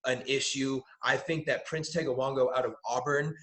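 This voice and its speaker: A young man co-hosting a casual sports talk show, giving animated, opinionated football draft analysis. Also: medium pitch, moderate pace. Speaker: podcast co-host, mock draft participant.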